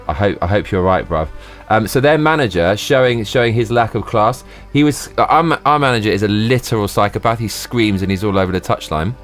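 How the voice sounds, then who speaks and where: A man live streaming, ranting and swearing in excited bursts. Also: lowish voice. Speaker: livestreamer.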